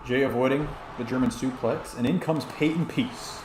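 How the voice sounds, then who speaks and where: A man's voice: mid-range voice, moderate pace. Tipsy male streamer, rambling play-by-play on a wrestling game while reading chat, roomy echo, faint hiss behind. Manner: rambling, chatty, talks back to chat comments.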